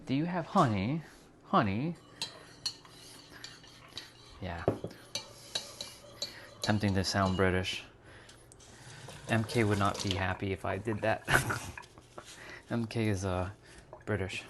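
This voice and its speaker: A man's voice: low-pitched, fairly even intonation, slow pace, long pauses, background noise. A man from North America, chatting casually with viewers on a livestream while making a hot drink. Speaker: livestream host.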